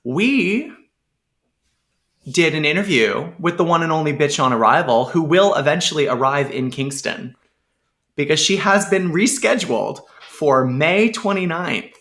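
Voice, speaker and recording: A man co-hosting a casual chat podcast with a bright, forceful tone. He talks eagerly and sounds enthusiastic about what comes next. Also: a little high, expressive, measured pace. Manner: chatty and enthusiastic. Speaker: podcast co-host.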